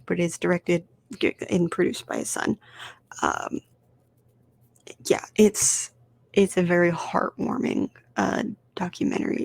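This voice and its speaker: Gravelly-voiced woman ranting on a podcast. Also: fairly low pitch, no echo. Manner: animated, swears freely, rambles with fillers. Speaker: podcast host. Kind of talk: casual solo podcast ranking films.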